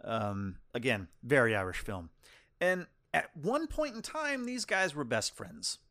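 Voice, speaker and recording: A man's voice: mid-range voice, big pitch swings, measured pace, bright, forceful tone, no echo. Guy rambling through a movie recap, restarts a lot, dead dry mic. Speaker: podcast co-host. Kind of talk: casual film review chat.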